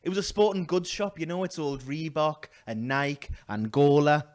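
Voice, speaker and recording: A man with a voice on the high side performs a stand-up set in a small venue at normal speed. He tells a story loudly, using put-on voices and self-mocking asides.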